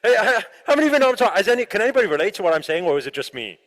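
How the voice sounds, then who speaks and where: A man giving an animated motivational talk to a live audience, often asking the listeners questions. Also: high-pitched, rapid-fire. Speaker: motivational speaker. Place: large room with an audience. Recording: long hall reverb.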